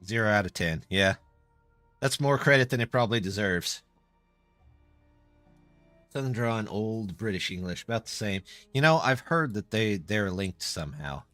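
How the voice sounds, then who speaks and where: A man's voice: on the low side, animated, normal speed, pauses often, fairly bright tone, no echo, soft background music. A man live-streaming a game and chatting casually with viewers, answering their comments in a loose, self-deprecating way. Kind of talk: casual live-stream chat while gaming.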